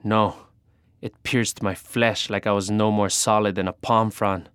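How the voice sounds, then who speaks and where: A man narrating an adventure story in the first person, measured and dramatic. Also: fairly low pitch, little pitch movement, fairly bright tone, clear, resonant tone, no echo, clean studio sound.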